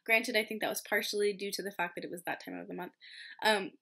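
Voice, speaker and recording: This woman, a med student in her twenties, chats to the camera through a story, filling it with fillers, self-deprecating jokes and frequent laughter. Her medium-pitched voice is fast and fairly even, with vocal fry and a sharp tone; the home recording on a camera mic has slight background noise.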